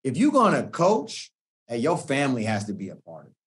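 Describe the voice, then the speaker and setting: Animated middle-aged man telling coaching stories. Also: mid-range voice, a little fast. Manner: animated slangy storytelling, acts out quoted speech. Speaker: guest, sports coach. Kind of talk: casual podcast conversation.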